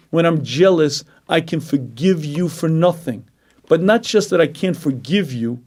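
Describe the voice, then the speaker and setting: A man giving a Jewish ethics lecture, clearing his throat often and driving points home with rhetorical questions. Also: a little high, darkish tone. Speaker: Torah lecturer. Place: lecture room.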